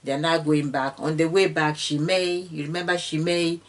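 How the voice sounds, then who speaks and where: A woman's voice: low voice, little pitch movement, moderate pace. A woman retelling a Bible story in an informal way, with fillers and restarts, slipping into the characters' speech. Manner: slips into the characters' speech when quoting. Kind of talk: casual retelling of scripture.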